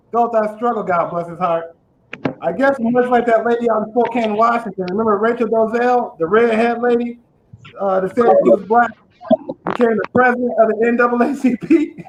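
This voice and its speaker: A man's voice: extremely high pitch, rough recording. A man with a lisp hosting an online comedy show, telling profane stand-up jokes and laughing at his own lines. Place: house in Detroit.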